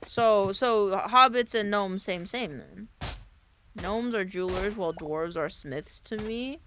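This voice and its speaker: A young woman streamer chatting casually while gaming, rambling playfully and thinking out loud. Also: mid-range voice, unhurried, a little hiss or hum.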